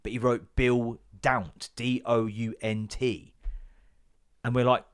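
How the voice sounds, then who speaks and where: A man hosting a podcast, telling a story as an animated, exasperated comedic rant and swearing freely. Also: medium pitch, slow, smooth. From Britain. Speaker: podcast host.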